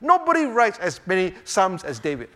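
A man teaching a sermon on the Psalms, swinging between emphatic rhetorical questions and hushed, quiet moments. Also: high-pitched, huge pitch swings, moderate pace. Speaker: preacher.

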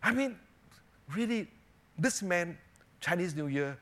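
A man preaching a sermon as pastor, animated, moving between emphatic raised lines and quiet asides, often checking in with "you know" and "right?". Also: sits high, slow. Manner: frequent "you know" and "right?" tag questions.

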